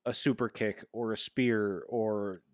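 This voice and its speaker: A man's voice: on the low side, steady tone, takes it slowly, no room sound, clean studio sound. A man co-hosting a podcast in casual chat, hesitant with many ums, then getting emphatic. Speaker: podcast co-host.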